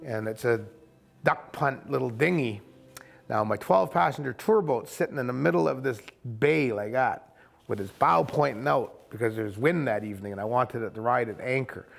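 A man's voice: medium pitch, normal speed, gravelly, faint music behind. A man, a camp owner, vividly recounting an encounter outdoors and acting out the voices in his story. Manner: vivid storyteller who acts out quoted speech. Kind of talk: animated storytelling interview. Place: outdoors in a forested coastal camp.

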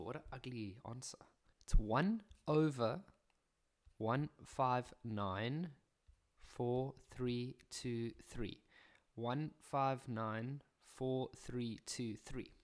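A young South African man talking through maths exam questions in a chatty way, with jokey, self-mocking asides. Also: medium pitch. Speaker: maths teacher. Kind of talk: casual maths exam walkthrough.

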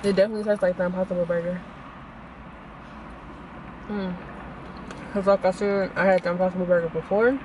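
A woman's voice: on the low side, brisk, pauses often, noisy background. A young woman, chatting casually to viewers as she reviews food in a car on her phone. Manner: chatty, animated, talks to viewers as y'all. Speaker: vlogger.

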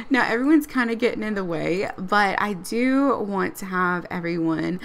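Excitable woman gushing over a game. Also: a little high, normal speed. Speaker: let's play creator. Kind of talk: casual game commentary.

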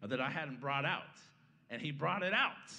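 This pastor's voice sits a little high, creaky, pushed and bright, expressive, at a moderate pace, ringing through a large hall. Preaching in a church sanctuary, he keeps things conversational and repeatedly checks in with the congregation with "right?" After opening in prayer, he teaches the Bible passage.

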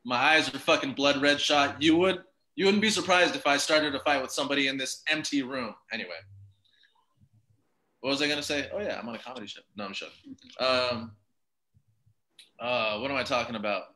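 Male stand-up, a little drunk, loose rambling delivery, bright, forward tone, video call. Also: medium pitch, brisk, long pauses, rough recording. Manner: laid-back, profane, self-mocking storytelling. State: a bit drunk.

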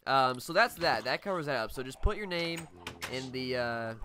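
A man's voice: mid-range voice, animated, normal speed, bright, forceful tone, slight background noise. A man co-hosting a Minecraft video in casual, rambling commentary, his voice nasal from a cold. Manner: rambling, filler-heavy, laughs often. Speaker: Minecraft channel co-host.

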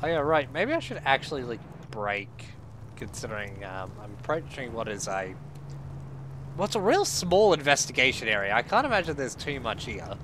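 A man's voice: medium pitch, big pitch swings, normal speed, background noise. An Australian man in casual gameplay commentary, swearing, joking and chatting with his viewers. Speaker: streamer.

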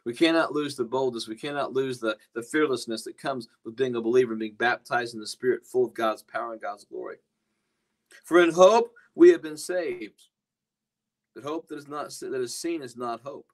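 A man's voice: mid-range voice, steady tone, fast talker, hardly any pauses. A man preaching earnestly on a podcast, rambling at times with many restarts. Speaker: pastor. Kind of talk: podcast sermon talk.

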